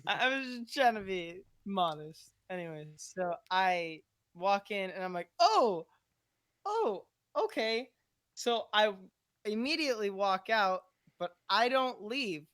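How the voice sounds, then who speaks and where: A man who is a guest friend on a casual podcast, telling a story in an animated way and loudly shouting out the lines he quotes. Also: high-pitched, measured pace, clean tone, no room sound, clean studio sound.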